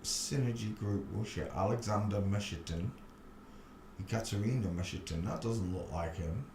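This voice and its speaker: Male host, low voice, rambling crude livestream chatter, echoey room. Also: normal speed, darkish tone. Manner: rambling, thinking aloud, crude jokes. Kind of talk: casual livestream commentary. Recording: echoey room, faint background noise.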